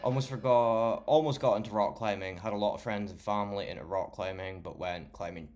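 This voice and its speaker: Male livestreamer, deep low voice, loose sweary late-night chat with viewers. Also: steady tone, brisk, a little mellow, soft background music. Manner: swears a lot, chatty, talks to chat by name.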